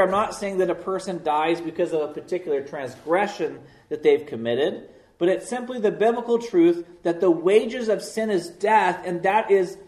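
Slow, deliberate male preacher. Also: high-pitched, roomy sound. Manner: slow, deliberate preaching with stressed key words. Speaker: pastor. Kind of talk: sermon.

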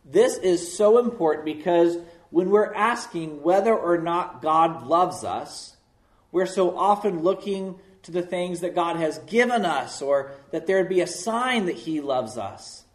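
A man preaching a sermon as pastor, slow and deliberate, leaning hard on key words. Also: high-pitched, lively intonation, echoey room.

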